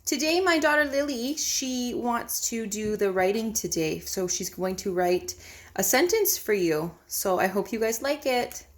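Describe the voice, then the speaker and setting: A woman's voice: on the high side, expressive, measured pace. A woman greeting young students and coaching her daughter through a writing lesson in an upbeat, encouraging way. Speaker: teacher and mother. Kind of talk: classroom lesson for kids.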